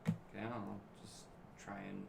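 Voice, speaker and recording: A man's voice: lowish voice, flat delivery, a little slow, gravelly, noisy background. A man playing in a tabletop role-playing game, bantering playfully and often speaking in character. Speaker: player.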